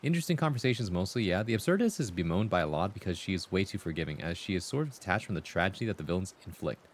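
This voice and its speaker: A man with a fairly low voice hosts a livestream and chats casually with his viewers. He talks in a loose, conversational way and acts out the voices of people in his stories. A faint hiss sits under the recording. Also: lively intonation, rapid-fire. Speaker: livestream host. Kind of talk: casual chat with chat readers.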